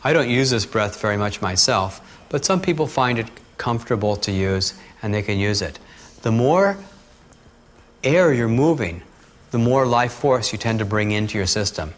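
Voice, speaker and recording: A man teaching breathing techniques, talking calmly and steadily through guided instructions. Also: lowish voice, normal speed. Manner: calm, steady instructional talk with asides.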